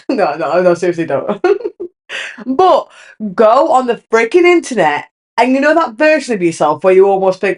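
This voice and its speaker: A woman's voice: fairly high pitch, sing-song, measured pace. A young woman, hosting her own podcast, talking candidly and rambling with many restarts. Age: young adult. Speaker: podcast host. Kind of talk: casual solo chat.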